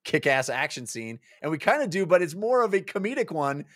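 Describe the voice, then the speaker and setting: A man's voice: a little high, sing-song, a little fast, fairly bright tone, no room sound, clean studio sound. A man co-hosting a casual book club chat, recapping chapters and acting out characters' lines in playful voices. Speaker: podcast co-host.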